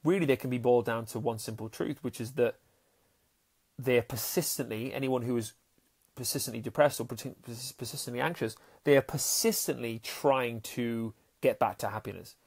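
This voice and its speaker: A man's voice: mid-range voice, moderate pace, darkish tone, slightly rough. A man, a podcast host and happiness coach, talking earnestly in a casual monologue and often repeating his words. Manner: earnest, repeats words, acts out voices in stories.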